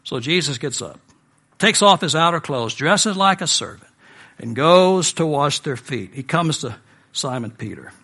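An American man preaching a sermon in a relaxed, conversational storytelling manner with personal asides. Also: fairly high pitch, a little slow, slightly rough. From United States.

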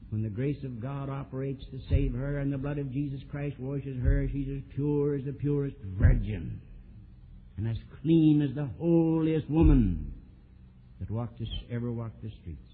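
A man preaching a sermon, telling a story and swinging from soft, low asides to emphatic, raised lines. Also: normal speed, slightly rough. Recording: old tinny lo-fi sermon tape.

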